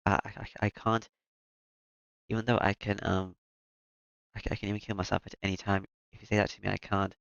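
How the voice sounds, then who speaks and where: A man voicing a weeping, guilt-ridden young woman, reading her lines quietly with stammers. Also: lowish voice, flat delivery, fairly quick, vocal fry, pauses often, no echo. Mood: anguished. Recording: lo-fi with loud music behind.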